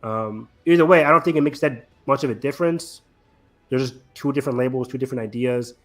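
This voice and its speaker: A man's voice: mid-range voice, fast talker, a bit bright. Enthusiastic man hosting a casual chat. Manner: enthusiastic, many fillers. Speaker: podcast host.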